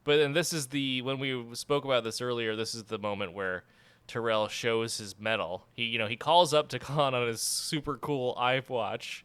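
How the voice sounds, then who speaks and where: A man's voice: medium pitch, fairly even intonation, moderate pace, a bit bright, clear, resonant tone, no room sound. A man co-hosting a casual movie discussion, rambling with many fillers and laughing often. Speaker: podcast co-host.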